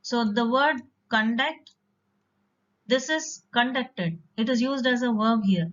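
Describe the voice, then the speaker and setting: Woman, English teacher, patient explaining lesson, fairly high voice, dull lo-fi recording. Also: fairly bright tone. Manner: patient, explanatory, uses fillers. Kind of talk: classroom lesson explaining vocabulary.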